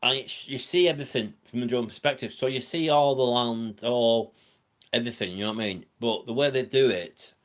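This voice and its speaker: A man with a northern Lancashire accent rambles through a casual live stream chat from home. His pitch sits right in the ordinary middle, and he drifts between thoughts with frequent ums, answering viewers' comments as they come in. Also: fairly quick. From England.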